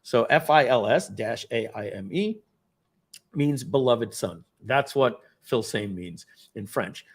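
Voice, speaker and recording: A man's voice: mid-range voice, slow, slightly rough. A man in his forties telling a casual story from his working life, acting out the voices of the people in it. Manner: animated storytelling, acts out quoted voices. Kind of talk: casual anecdote.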